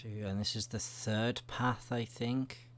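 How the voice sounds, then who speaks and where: Low-voiced man rambling through a game. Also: level tone, takes it slowly, slight background noise. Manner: rambling, crude, jokey, swears often. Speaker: gaming video creator. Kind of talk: let's-play commentary.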